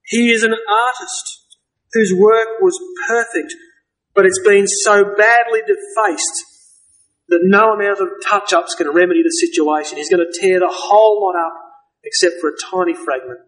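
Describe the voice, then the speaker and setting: A man preaching a sermon, earnest and emphatic, slowing down to stress key words. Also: sits high, fairly bright tone, poor audio.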